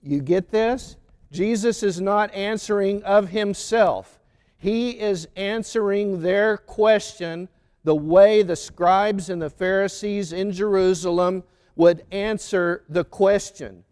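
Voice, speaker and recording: A preacher delivers a sermon on a Gospel reading, speaking slowly and deliberately as if weighing every word. His high voice is clear and smooth with a darkish tone, and a long reverb trails behind him like in a large church.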